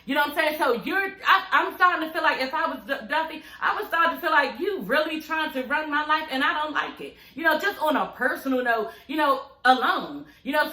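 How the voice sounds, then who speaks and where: Sassy, bright-voiced woman vlogger. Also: high voice, echoey room. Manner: sassy and animated, talking straight to viewers. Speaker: reality TV recap vlogger. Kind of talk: casual, profane recap chat.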